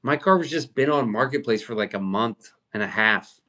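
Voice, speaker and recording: A man's voice: medium pitch, expressive, moderate pace, pushed and bright. A man chatting casually on his livestream, rambling and swearing as he answers viewer comments. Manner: rambling, profane, answers chat. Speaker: livestream host.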